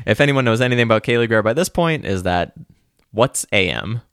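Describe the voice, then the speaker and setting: A man co-hosting a podcast with deadpan, joking banter. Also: on the low side, brisk, no echo, clean studio sound. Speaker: podcast co-host. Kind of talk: casual chat.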